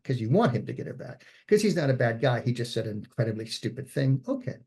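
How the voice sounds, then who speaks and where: A man's voice: mid-range voice, lively intonation, brisk, dark tone, slightly rough. A man giving an informal screenwriting workshop talk, conversational and thinking aloud as he goes. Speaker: screenwriting instructor.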